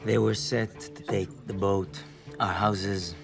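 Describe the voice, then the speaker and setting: A man's voice: on the low side, steady tone, slow, creaky. A man playing a desperate fisherman in debt, confessing in a strained period-drama scene. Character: desperate indebted male fisherman, gruff. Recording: film clip with music underneath.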